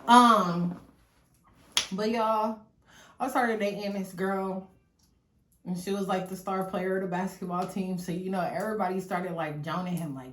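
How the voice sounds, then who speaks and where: A woman in her twenties, a vlogger telling a personal story in a chatty, animated way, swearing freely and talking straight to her viewers. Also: on the low side, unhurried, slight background noise. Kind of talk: casual storytelling to the camera. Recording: echoey room.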